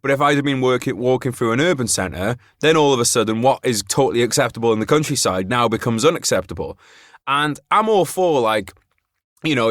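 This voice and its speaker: A man hosting a podcast in loose, rambling chat, his pitch in a middle range. He fills his talk with "like" and swears freely. The recording is dry and close-miked. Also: a bit bright, no echo. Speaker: podcast host. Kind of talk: casual chat.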